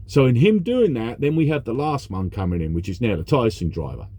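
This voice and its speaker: A man's voice: medium pitch, expressive, brisk, warm tone, no room sound. A man, a truck driver talking straight to the camera and recounting a frustrating day, ranting and swearing as he goes. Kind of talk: casual monologue recounting a workday.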